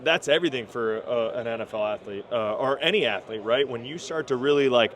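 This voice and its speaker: Minnesota guy in his 30s, relaxed humble football talk, lots of uhs, mid voice. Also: mid-range voice, a little fast, slight background noise. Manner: easygoing, modest, many ums and uhs. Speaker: NFL wide receiver, guest. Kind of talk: casual interview answers.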